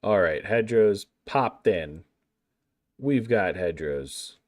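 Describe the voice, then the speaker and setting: A low-voiced man in casual livestream chat, his pitch swinging up and down as he talks. He sounds chatty and playful, and the sound is dry and close, with no room around him. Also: lively intonation, slow, no echo. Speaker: livestreamer building a game map.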